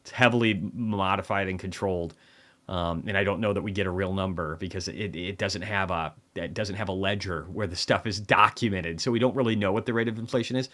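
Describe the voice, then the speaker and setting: A man's voice: sits low, fairly quick, fairly bright tone. Tired, profane male market streamer. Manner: profane, rambling, offhand. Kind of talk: casual livestream talk.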